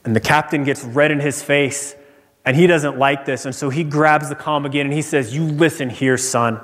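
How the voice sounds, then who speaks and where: A pastor preaching a sermon in a relaxed, conversational storytelling way that builds to emphatic repetition. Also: male voice, fairly high pitch, normal speed. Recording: church hall reverb.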